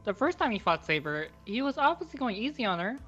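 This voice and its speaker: Brief: woman, slightly high and lively, steady reader, muffled voice-chat sound. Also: quick pace, husky, soft background music. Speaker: voice reader on a stream. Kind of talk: group script reading on a stream.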